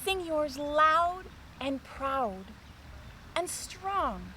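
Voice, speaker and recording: A woman's voice: high-pitched, very animated, extremely slow, noisy background, exaggerated voice. A woman voicing a shy little bird boy. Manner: soft, shy, sighing. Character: shy young male mockingbird, gentle.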